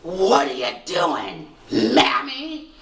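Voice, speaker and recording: A woman's voice: fairly low pitch, huge pitch swings, extremely slow, fairly bright tone, voice pushed down, heavily acted. A woman voicing an ancient, shriveled male fairy changeling who whines like an old man pretending to be a baby, recorded from a distance in an echoey room. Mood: wheedling. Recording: roomy, distant mic.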